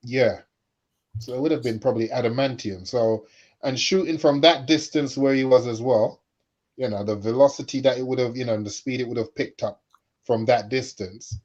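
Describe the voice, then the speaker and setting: A man's voice: mid-range voice, moderate pace, darkish tone. A man co-hosting a casual chat, explaining his points confidently in long runs. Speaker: podcast co-host. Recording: dull lo-fi mic.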